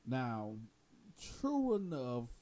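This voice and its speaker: Man, storyteller, easy streetwise delivery, warm darker tone, casual talk. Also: mid-range voice, very slow. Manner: animated, streetwise slang.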